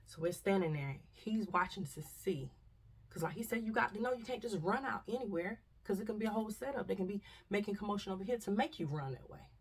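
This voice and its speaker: A woman's voice: mid-range voice, expressive, quick pace, creaky, breathy edge, distant mic. A woman vlogger, telling a story casually and animatedly, acting out voices and dropping to whispers.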